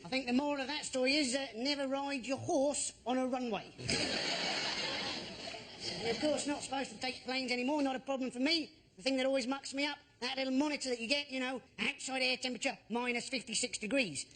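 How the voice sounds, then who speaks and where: A man doing quick, dry observational stand-up. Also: very high-pitched, fairly even intonation, a bit bright, rough recording. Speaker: comedian. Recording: audience noise behind.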